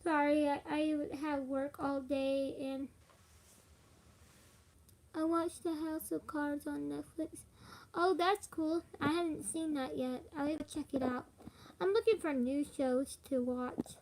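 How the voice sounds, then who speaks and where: Tired high-voiced young woman streaming live. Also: steady tone, slow, darkish tone. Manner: rambling, with frequent fillers and laughs. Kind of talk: casual live stream chat.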